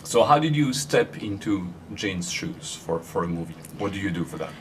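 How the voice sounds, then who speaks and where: A man from France with a French accent interviewing an actress, halting and searching for his English words. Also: deep voice, expressive, distant mic. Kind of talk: interview questions. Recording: voice from off-mic.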